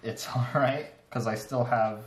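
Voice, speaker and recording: A man's voice: mid-range voice, fairly even intonation, measured pace. A young man playing a card game, laughing often and swearing freely as he reacts to the match. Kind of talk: casual chat during a card match. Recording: roomy with loud background noise.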